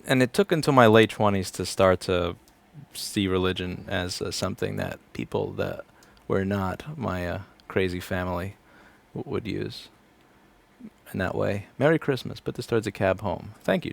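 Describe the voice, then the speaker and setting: Gravelly-voiced man rambling sardonically. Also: on the low side, normal speed. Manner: rambling, sardonic, swears freely. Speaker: repair technician. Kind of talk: casual livestream chat while working. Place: repair shop.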